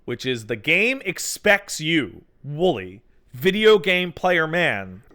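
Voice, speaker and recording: A young man on a casual gaming podcast. He is an animated storyteller who drops into exasperated mock quotes and swears freely. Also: fairly high pitch, slow pace. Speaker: podcast co-host. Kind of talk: casual podcast chat about video games.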